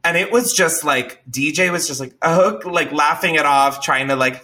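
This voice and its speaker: A man telling a story in casual chat, animated and profane, with lots of "like.". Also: fairly high pitch, fairly quick, few pauses. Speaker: podcast co-host telling a story.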